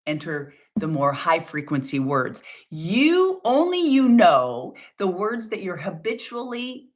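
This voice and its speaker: Middle-aged woman wellness coach, emphatic and encouraging, animated delivery, rhetorical questions. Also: lowish voice, measured pace, hardly any pauses. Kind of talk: motivational talk.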